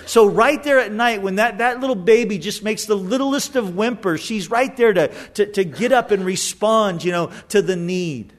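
A middle-aged male pastor delivers a sermon in an easygoing, conversational way. His voice sits fairly high, and he stumbles and repeats words as he builds his points. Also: normal speed, hardly any pauses.

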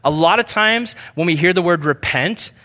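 A man preaching a sermon earnestly, pressing hard on some points and dropping to a hush on others. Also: high-pitched, expressive, normal speed. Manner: earnest, swings from emphatic to hushed. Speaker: pastor. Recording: long reverb of a large hall.

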